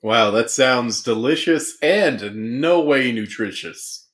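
A man's voice: medium pitch, expressive, takes it slowly, a bit bright. A man hosting a casual comedic podcast, joking around and putting on a sportscaster-style intro voice. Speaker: podcast host. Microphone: remote call recording.

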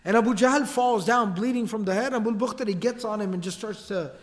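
A man telling a historical story as a lecture, in a casual, lively way with slangy asides. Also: high-pitched, fast talker. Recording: long hall reverb.

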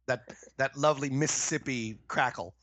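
A man's voice: mid-range voice, moderate pace, a bit bright, no echo. A man co-hosting a casual podcast, wisecracking in a mock-serious way. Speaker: co-host.

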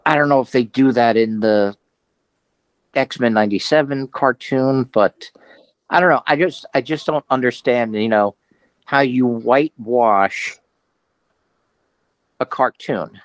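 A man co-hosting a podcast in casual chat, talking in halting, restarting sentences. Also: mid-range voice, dry recording, rough recording. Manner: hesitant, restarts and trailing thoughts. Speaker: podcast co-host.

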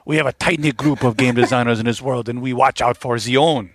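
A man's voice: medium pitch, brisk, dry recording, clean studio sound, lightly acted. A man voicing a boastful, pompous French game designer in an exaggerated mock French accent, trading silly insults in a comic bumper. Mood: mock-indignant. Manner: mock-grand, teasing insults.

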